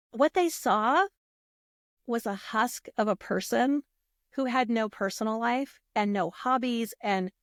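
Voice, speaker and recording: A woman guest on a podcast, telling stories in a lively, casual way, acting out what people said and swearing freely. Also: fairly high pitch, no room sound, clean studio sound. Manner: animated, acts out quoted voices, swears freely. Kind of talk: casual storytelling.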